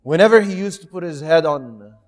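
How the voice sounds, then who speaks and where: A man teaching a Quran lesson, telling stories in a measured way and speaking directly to his listeners. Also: a little high, lively intonation, long reverb tail. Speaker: Islamic teacher.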